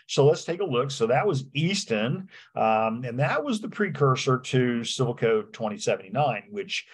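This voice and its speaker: A man teaching a real estate law class, talking in a halting way with lots of fillers and restarts. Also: mid-range voice, sing-song, slightly rough. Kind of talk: lecture with slides.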